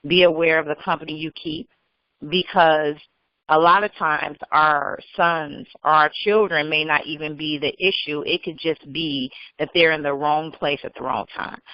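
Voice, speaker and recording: A woman's voice: low-pitched, no room sound. A woman, a police officer speaking earnestly and emotionally as a guest in a remote interview. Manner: earnest, emotional, plain-spoken. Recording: muffled dry call audio.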